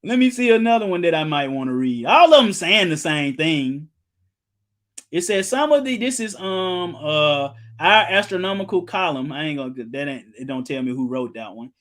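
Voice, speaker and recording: High-voiced casual preacher man. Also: expressive, normal speed. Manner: casual, storytelling, breaks into loud emphatic outbursts. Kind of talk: informal teaching, reading quotes aloud.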